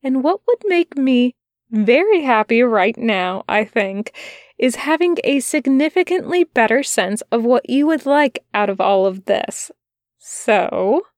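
Aziraphale, a woman reading a gentle, flustered angel. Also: fairly high pitch, lively intonation, unhurried, dry recording, clean studio sound. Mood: tender, flustered. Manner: flustered, tender, stammering. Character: fussy, gentle male angel, earnest.

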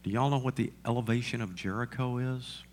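A man's voice: medium pitch, fairly even intonation, brisk, slight background noise. A male pastor preaching a sermon, asking the congregation questions and repeating lines for emphasis.

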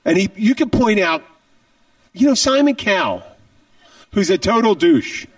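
A man chatting casually on a podcast, his pitch jumping around a lot. He sounds a little set back from the mic in a dry room, and he talks with emphasis, repeating himself. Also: normal speed, long pauses, no room sound, recorded from a distance. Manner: animated, emphatic, repeats words. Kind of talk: casual chat.

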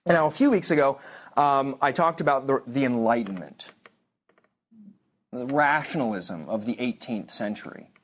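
A man teaching a church history class in an easy, conversational way. He wanders off on tangents, restarts his sentences and drops dry asides, and his voice sits at an ordinary, middle pitch. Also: moderate pace, a bit bright. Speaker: lecturer.

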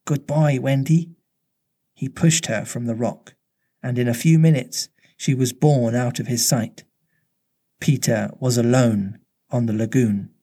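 A man reading a children's storybook aloud in a measured way, slowing down at tense moments. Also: mid-range voice, warm tone.

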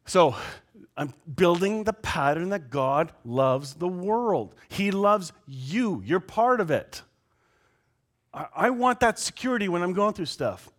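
Animated man preaching a sermon. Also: high voice, slow pace. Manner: animated, swings from loud outbursts to quiet asides. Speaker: pastor. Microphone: lapel mic.

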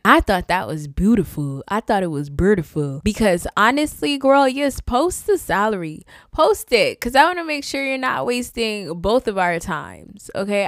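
A woman hosting her own podcast, telling stories in a sassy, animated, casual way with playful asides. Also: mid-range voice, no room sound, studio quality. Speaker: podcast host. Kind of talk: casual solo podcast chat.

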